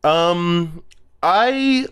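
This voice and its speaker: A man's voice: high-pitched, animated, extremely slow, a bit bright, clear, resonant tone. A man co-hosting a podcast, telling rambling stories full of fillers and laughing at his own jokes. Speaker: podcast co-host. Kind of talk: casual chat.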